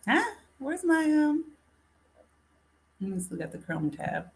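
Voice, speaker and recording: A woman's voice: high-pitched, very animated, unhurried, gravelly. A woman hosting a casual live stream, talking straight to her viewers and calling them folks. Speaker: livestream host.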